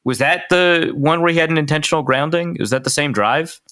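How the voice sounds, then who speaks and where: A man co-hosting a podcast, talking through football plays in an animated, self-interrupting way and laughing at his own jokes. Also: on the high side, a little fast, smooth. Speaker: podcast co-host. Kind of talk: casual sports analysis chat.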